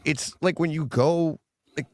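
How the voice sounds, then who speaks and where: A man's voice: on the high side, steady tone, measured pace, no echo, clean studio sound. A man co-hosting a live home theater show, talking in a conversational, hesitant way with frequent restarts. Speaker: podcast co-host. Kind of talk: casual live-stream chat.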